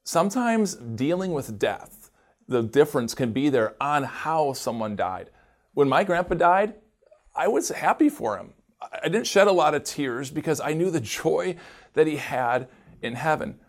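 A man hosting a devotional program, speaking earnestly and gently as he shares a personal testimony. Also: on the high side, sing-song, unhurried. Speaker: devotional show host.

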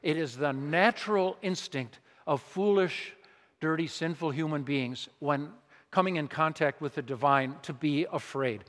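A man with a fairly high voice delivers a sermon, talking with his congregation rather than at them. He leans on emphasis and throws out rhetorical questions. His voice rings out with the long reverb of a large church hall. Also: unhurried, a bit bright. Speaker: preacher.

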